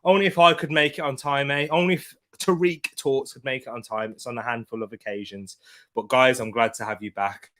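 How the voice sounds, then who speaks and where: A young man hosting a live football watchalong stream from home, tired, chatting casually, giving slangy shout-outs and reading out viewers' comments. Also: mid-range voice, fairly even intonation, a little fast. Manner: chatty, greets viewers and reads out chat comments.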